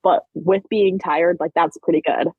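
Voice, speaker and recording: A husky-voiced young woman in her late teens, telling a story as a podcast guest, talking quickly and filling every pause with "like". The sound is close and dry, with almost no room around her voice. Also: on the low side, no room sound, narrow, tinny audio. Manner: chatty, peppered with "like", animated retelling. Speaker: podcast guest, track athlete. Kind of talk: casual storytelling interview.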